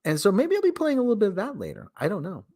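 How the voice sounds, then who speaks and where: Man, livestream host, lively up-and-down voice, rambling chat, self-interrupting, mock announcer asides. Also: high-pitched, a little fast, husky. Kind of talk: casual solo livestream chat.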